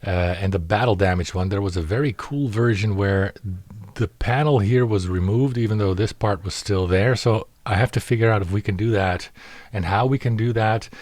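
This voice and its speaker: Guy showing off his model build, lowish voice, lots of ums and restarts, dry close sound. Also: no echo. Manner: halting, full of fillers and restarts, grows excited. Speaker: scale model maker showing his work. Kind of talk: casual product update.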